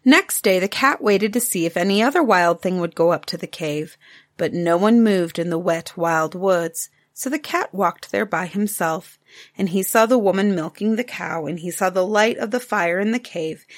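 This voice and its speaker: A woman narrating a classic fable aloud in a measured, rhythmic storytelling manner. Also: on the low side.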